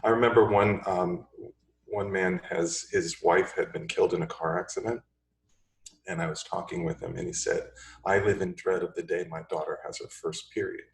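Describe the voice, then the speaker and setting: A man giving a recorded lecture on children and grief as a pediatrician, telling stories in a calm, measured way. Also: sits low. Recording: echoey room, far from mic.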